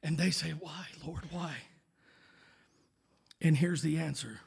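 Raspy, gravelly-voiced preacher man. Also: fairly high pitch, takes it slowly. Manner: swings from shouted exhortation to hushed, near-whispered asides; punctuates with call-outs to the congregation. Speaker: pastor. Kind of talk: sermon.

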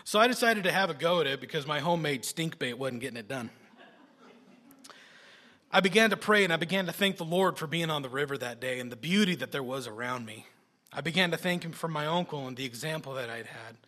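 Bright-voiced folksy preacher man. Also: fairly high pitch, fairly quick. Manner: folksy, animated storytelling with sudden loud bursts. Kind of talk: sermon with personal stories.

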